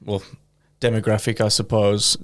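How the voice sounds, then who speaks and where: A man's voice: on the low side, flat delivery, normal speed. A young man with an English accent hosting a podcast, chatting casually and rambling through self-corrections. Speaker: podcast host. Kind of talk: casual chat.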